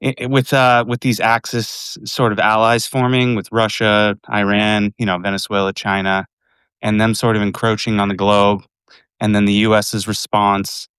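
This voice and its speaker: Male caller, rambling and halting; low, smooth voice. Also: level tone, a bit bright, no room sound. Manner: rambling with many restarts and fillers. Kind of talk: casual call-in chat.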